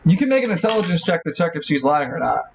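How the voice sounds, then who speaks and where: A man's voice: fairly high pitch, big pitch swings, fast, gravelly, background noise. A man running a tabletop game as game master, narrating with many fillers and restarts.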